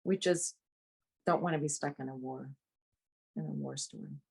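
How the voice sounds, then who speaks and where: A woman's voice: sits low, very animated, moderate pace, creaky, a little mellow, slightly rough. A woman from Vietnam, an actress being interviewed, talking casually and laughing often, with no accent. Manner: chatty, laughs often between phrases.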